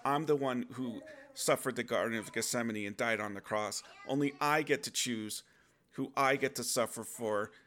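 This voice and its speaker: A man voicing Jesus as a calm, firm figure who plainly tells off his listener as son, in a bright voice. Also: mid-range voice, normal speed, lightly acted. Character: calm, firm male Jesus, mildly scolding.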